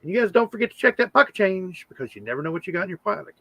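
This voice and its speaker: A man's voice: high voice, sing-song, rapid-fire, pushed and bright, slightly rough. A man hosting a coin channel livestream, chatty and openly emotional, laughing often. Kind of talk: casual livestream chat.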